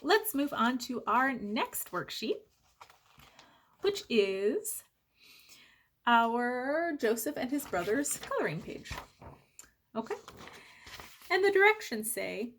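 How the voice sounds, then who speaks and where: A woman teaching a Sunday school lesson to young children, speaking gently and encouragingly, slow and clear. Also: on the high side, very animated, slight background noise.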